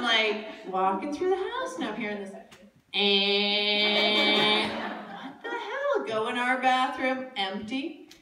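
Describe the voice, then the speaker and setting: A woman with a high voice tells a comic story to a live cafe crowd, taking her time, laughing through it and breaking into shrieks. She sounds far from the mic, in an echoey room with steady background noise. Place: cafe stage before an audience.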